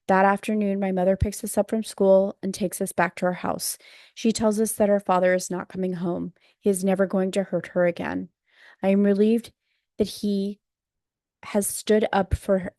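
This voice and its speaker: A woman's voice: fairly low pitch, no room sound, clean studio sound. Subdued woman reading a memoir audiobook. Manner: measured, subdued and even. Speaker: audiobook narrator.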